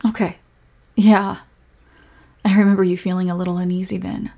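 A young woman in a whispered role-play as a comforting girlfriend, speaking softly and protectively. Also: fairly low pitch, level tone, normal speed. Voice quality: breathy.

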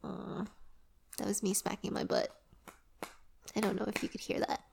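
A woman rambling casually in a relaxed, sleepy way while lying down, her voice soft and often dropping to a whisper. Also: mid-range voice, normal speed, vocal fry, noisy background. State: drowsy, lying down. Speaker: audio performer and creator.

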